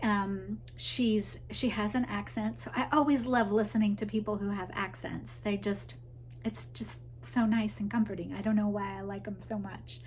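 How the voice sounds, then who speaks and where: A woman's voice: mid-range voice, steady tone, normal speed, a little mellow, slight background noise. A woman hosting a crochet podcast, chatting casually to camera about her projects, rambling with asides to viewers. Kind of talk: casual show-and-tell chat to camera.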